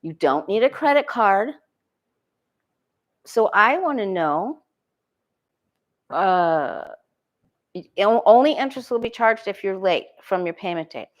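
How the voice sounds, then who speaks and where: A woman's voice: medium pitch, animated, slow pace, long pauses. Woman musing through a tarot reading. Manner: musing, asks herself questions aloud, frequent restarts. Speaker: tarot reader. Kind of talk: casual solo talk reading tarot cards.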